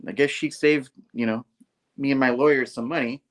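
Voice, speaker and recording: Man playing a smooth, accommodating rich boss, low-key. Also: steady tone, moderate pace, natural voice. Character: smooth wealthy businessman, older male.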